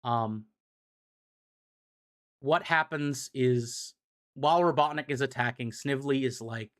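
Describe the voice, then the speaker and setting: A young man casually recaps comic-book issues for a livestream audience. His delivery rambles, with fillers and occasional swearing, in a mid-pitched everyday voice. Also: slow pace, fairly bright tone. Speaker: streamer explaining comics.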